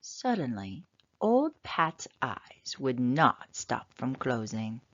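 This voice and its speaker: A woman reading a children's picture book aloud with expressive, dramatic narration. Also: rumbling low, slow pace. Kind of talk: storybook read-aloud narration. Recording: slightly dull, dry lo-fi sound.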